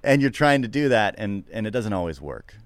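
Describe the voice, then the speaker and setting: A man with a very deep voice speaks in a close, dry recording, candid and reflective as a podcast guest. He swears freely and bursts into animated stretches when a point excites him. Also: a little fast, no room sound. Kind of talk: candid conversational interview.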